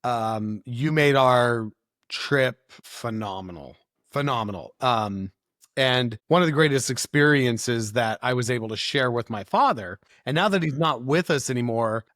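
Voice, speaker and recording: A man's voice: medium pitch, normal speed, fairly bright tone, no room sound, studio quality. A man hosting a podcast, asking questions in an easygoing way and often chuckling and affirming. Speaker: podcast host. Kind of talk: casual interview.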